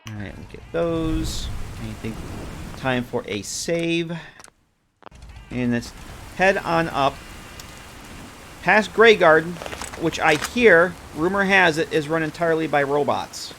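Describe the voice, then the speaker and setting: A man's voice: fairly high pitch, animated, slow, pauses often, fairly bright tone, slight background noise. A man streaming a game live, chatting casually with viewers and joking with characters as he plays.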